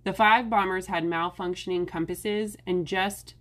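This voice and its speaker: A woman's voice: medium pitch, steady tone, measured pace, fairly bright tone. A young adult woman hosting a solo podcast, talking casually with sarcastic asides. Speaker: podcast host.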